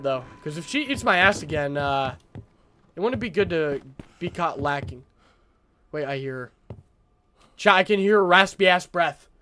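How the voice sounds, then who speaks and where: A male streamer with a strikingly high, bright voice that swings wildly up and down. He narrates his gameplay to chat in frantic, profane bursts and yells at whatever chases him. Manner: frantic, profane, yelling reactions. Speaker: streamer playing a horror game. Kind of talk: live gameplay commentary to chat.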